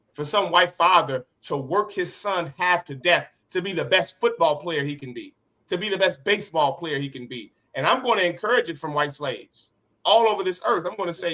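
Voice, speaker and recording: A man teaching a religious class in a fiery preaching style, forceful and rhetorical, repeating phrases for emphasis. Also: on the high side, lively intonation, moderate pace. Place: classroom with others present.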